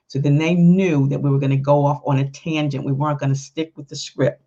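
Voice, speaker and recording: A woman's voice: sits low, flat delivery, a little fast, hardly any pauses, darkish tone, lo-fi sound. A woman hosting a podcast, giving casual, chatty advice with lots of "you know" asides. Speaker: podcast host.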